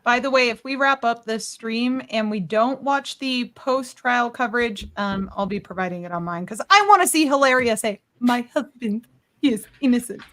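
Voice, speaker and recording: Casting: female panelist, higher pitch, emphatic and pointed. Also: expressive, moderate pace, few pauses, pushed and bright. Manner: emphatic, rising indignation in questions. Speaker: lawyer panelist. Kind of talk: live panel commentary.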